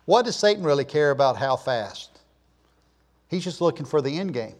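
A man preaching a sermon, emphatic, snapping between loud punchy words and quiet asides, using call-and-answer lists. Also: on the high side, big pitch swings, normal speed. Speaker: pastor.

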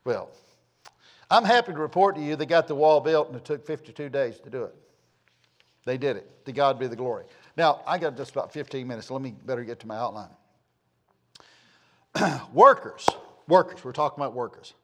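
A man's voice: medium pitch, a little fast, long pauses. A man preaching a sermon, a folksy, rambling storyteller who repeats phrases for emphasis. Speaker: pastor.

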